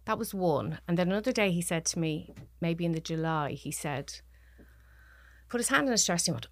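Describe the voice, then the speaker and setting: Soft-spoken Dublin woman, dry close sound. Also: fairly low pitch, lively intonation, fairly quick, no echo. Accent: Dublin Irish. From Ireland. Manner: soft-spoken, drops to near whispers in quotes. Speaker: podcast guest. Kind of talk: personal storytelling.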